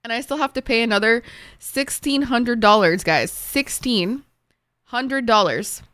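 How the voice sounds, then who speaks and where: A woman's voice: fairly high pitch, unhurried, fairly bright tone, smooth, no room sound, studio quality. A young woman streamer chatting casually with her viewers, full of "like" and frequent swearing. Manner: chatty, swears a lot, fillers like "like". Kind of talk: casual live-stream chat.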